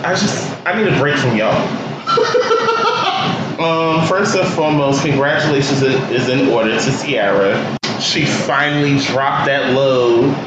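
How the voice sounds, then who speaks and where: A man's voice: medium pitch, sing-song. A man hosting a podcast in casual chat, playful and rambling, cursing freely and trailing off between phrases. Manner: playful, rambling, profane, with drawn-out trailing pauses. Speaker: podcast host. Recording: roomy, dull, very noisy podcast recording.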